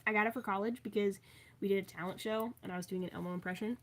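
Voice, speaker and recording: A woman's voice: mid-range voice, fairly even intonation, racing. A young woman chatting casually on a livestream from her bedroom, reading out viewer comments and rambling with frequent filler words.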